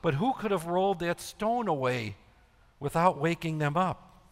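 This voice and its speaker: A man playing Simon Peter, an anxious, guilt-ridden middle-aged apostle, in a dramatic monologue, talking in agitated, halting bursts of self-reproach. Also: fairly high pitch, lively intonation. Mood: uneasy. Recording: echoey hall with long reverb.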